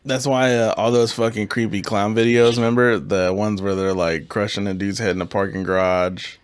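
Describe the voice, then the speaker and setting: A man's voice: on the low side, little pitch movement, moderate pace, smooth, dry recording. A man co-hosting a podcast with blunt, joking banter full of slang and swearing. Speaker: podcast co-host. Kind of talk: casual chat.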